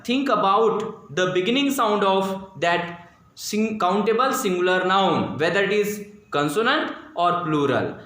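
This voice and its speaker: A male school teacher with an Indian English accent giving a slow, repetitive grammar lesson in a classroom, drilling pronunciation aloud. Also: high voice, bright, forceful tone. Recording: echoey classroom, very roomy.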